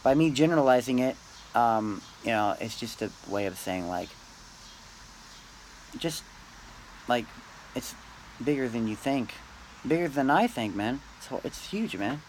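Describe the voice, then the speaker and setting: A man rambling through a meandering, philosophizing monologue to camera, pausing often and tagging lines with "man" and "dude". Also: medium pitch, animated, a little hiss or hum, poor audio. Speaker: vlogger.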